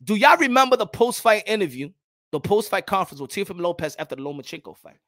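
A man hosting a boxing show, talking loud and profane, mocking critics and repeating himself. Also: high-pitched, sing-song, fast talker, no echo, clean studio sound. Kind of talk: animated boxing commentary.

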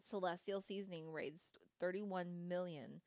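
A woman's voice: lowish voice, fairly even intonation, unhurried, no echo. A woman podcast host reading a company history aloud, breaking off for casual, wry asides and the odd swear word. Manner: conversational, swearing, wry asides between read passages. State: has the hiccups.

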